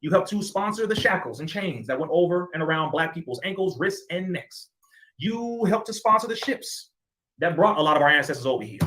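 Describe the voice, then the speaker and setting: A man's voice: a little high, big pitch swings, brisk, a bit bright. A man giving an impassioned address to camera, emphatic, sarcastic and repetitive. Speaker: commentator.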